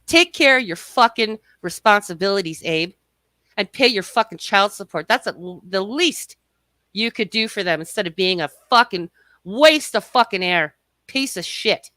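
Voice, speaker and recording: A woman's voice: medium pitch, lively intonation, normal speed, pushed and bright, dry recording. A woman hosting a live stream, delivering an angry, profane, mocking rant. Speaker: livestream host.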